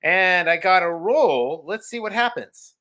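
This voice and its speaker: Male guest, excitable, bright and forceful voice, slightly high. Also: unhurried. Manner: excitable, hyped. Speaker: actor and podcast guest. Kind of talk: casual sports podcast chat.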